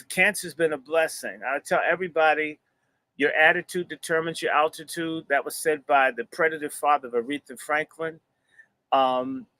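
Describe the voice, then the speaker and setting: A man's voice: fairly high pitch, pushed and bright, no room sound. A man hosting a livestream, talking in a rambling, profane, sermon-like way. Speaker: host and minister. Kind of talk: preacherly livestream talk.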